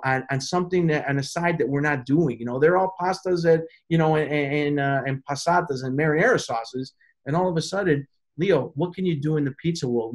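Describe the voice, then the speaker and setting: A man, a pizza chef and consultant, telling stories in a casual interview and acting out the voices of people he quotes. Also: medium pitch. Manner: animated, acts out quoted voices.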